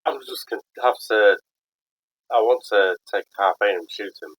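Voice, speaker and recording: A man playing a tabletop game, speaking in halting bits and restarting mid-sentence. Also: fairly low pitch, a bit bright, dry recording, low-quality recording. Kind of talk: casual play at the table.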